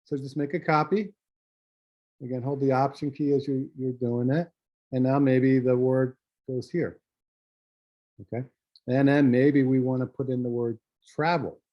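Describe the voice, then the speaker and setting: A man teaching a graphic design class, walking through software steps with a relaxed, thinking-aloud manner and many fillers. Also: medium pitch, a little slow, long pauses, no room sound, lo-fi sound. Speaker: design instructor. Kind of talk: screen-share software tutorial.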